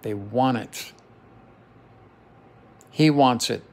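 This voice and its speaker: A man's voice: mid-range voice, extremely slow, vocal fry, darkish tone. A middle-aged man venting in an emotional personal monologue to his camera, heated and profane, repeating phrases for emphasis. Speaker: vlogger.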